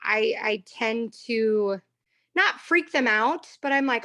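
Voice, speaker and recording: An enthusiastic woman on a video call describes her situation in a bubbly, rambling way. Her voice is a little high and full of excitement. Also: slow. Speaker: caller asking a question.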